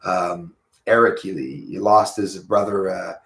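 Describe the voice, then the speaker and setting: Brief: gravelly-voiced Quebec man, chatty livestream host. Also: low voice, flat delivery, unhurried, fairly bright tone, reverberant. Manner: rambling, chatty, greets viewers by name. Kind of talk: casual livestream chat, reading viewer comments.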